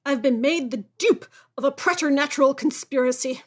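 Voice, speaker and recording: A woman reading the part of a grave, gruff old male general in her own high voice, as in an audiobook. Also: a little fast, lightly acted.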